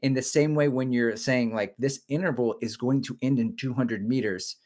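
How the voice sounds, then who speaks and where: A middle-aged man chats on a live stream at an ordinary pitch. He jokes and rambles, drifting from one aside to the next between viewer comments. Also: normal speed, a little mellow. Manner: joking, rambling, reads viewer comments aloud. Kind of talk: casual live-stream chat.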